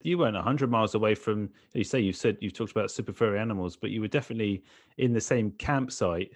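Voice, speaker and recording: A man's voice: lowish voice, quick pace. A man interviewing a guest, asking conversational, probing follow-up questions. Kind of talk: casual interview.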